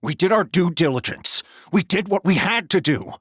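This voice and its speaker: A woman voicing a brisk, urgent male doctor in an audiobook, with a clipped, lowered voice. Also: lively intonation, slightly rough, dry recording, clean studio sound. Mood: defensive. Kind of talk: audiobook character voice.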